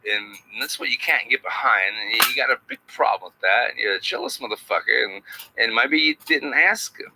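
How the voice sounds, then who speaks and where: A man doing a satirical impression of an older male actor as a podcast guest, speaking in halting phrases with odd pauses. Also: medium pitch, animated, background noise, close to an everyday voice. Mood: storytelling.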